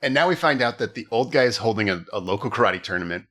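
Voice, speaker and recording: A man co-hosts a comedy podcast, recapping a cheap movie with wry, profane jokes. His voice is bright and lively, swinging up and down as he tells it. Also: fairly low pitch, fast. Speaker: podcast co-host.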